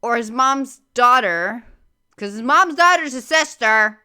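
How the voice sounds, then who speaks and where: A young woman from Argentina, chatting excitedly and rambling as she reacts to a comedy clip. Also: a little high, measured pace, smooth. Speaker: reaction video host. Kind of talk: casual reaction commentary.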